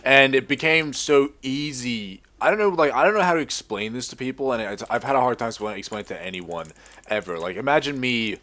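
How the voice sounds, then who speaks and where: A young Australian man with a mostly American-sounding accent, chatting casually and sweary over gameplay, now and then shouting excitedly at the game. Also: medium pitch, brisk. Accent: American-sounding with bits of Australian. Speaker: gaming video host.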